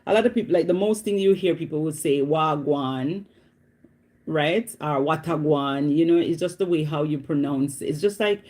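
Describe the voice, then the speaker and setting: Talking fast with few pauses, a woman vlogger with a low, mellow voice chats casually to camera. She repeats herself and keeps checking in with the listener, often asking "you know what I mean."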